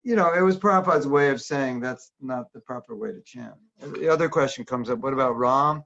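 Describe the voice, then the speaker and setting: A man's voice: medium pitch, brisk, creaky, a bit bright. A man giving a casual workshop talk over a video call, asking his listeners questions as he goes. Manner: conversational, asks the audience questions. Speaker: workshop teacher. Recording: dull lo-fi online audio.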